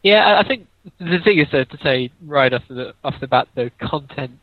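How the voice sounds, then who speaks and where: A man co-hosting a casual podcast chat, thinking aloud in halting phrases. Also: fairly high pitch, lively intonation, dry recording. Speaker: podcast co-host. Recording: dull, dry lo-fi mic.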